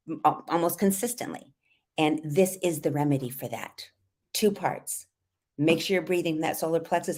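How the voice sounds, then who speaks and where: Woman, middle-aged, voice coach, trained voice, low pitch, lively teaching. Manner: lively, demonstrative, exaggerates vocal fry and sung phrases to teach. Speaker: voice and confidence coach. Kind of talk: live coaching tips.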